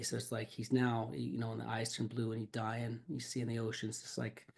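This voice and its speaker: A man's voice: mid-range voice, completely flat delivery, a little fast, vocal fry, a little mellow. Dude rambling on his podcast, lots of likes and you knows, swears a bunch. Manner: rambling, heavy filler words and swearing. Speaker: podcast host. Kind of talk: casual song breakdown.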